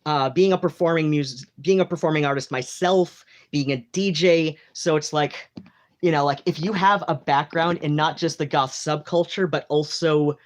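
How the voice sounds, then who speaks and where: A man's voice: fairly high pitch, steady tone, moderate pace. An American man with an affected mid-Atlantic accent, rambling through a casual, gossipy livestream chat at home and leaning hard on "like" and "you know". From United States. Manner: campy, gossipy and theatrical. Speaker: livestream host.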